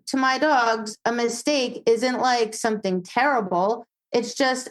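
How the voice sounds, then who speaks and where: A woman dog trainer chats as a podcast guest, her voice sitting a little higher than most. She tells stories with lots of life and slips into playful quoted voices. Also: a little slow, hardly any pauses, rough recording. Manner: animated storytelling, acts out quoted voices. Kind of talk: casual podcast chat.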